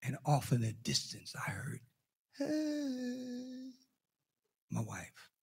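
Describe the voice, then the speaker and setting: Gravelly older male preacher telling stories. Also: medium pitch, normal speed. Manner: storytelling, swings from loud exclamations to hushed asides. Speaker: pastor. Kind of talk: sermon.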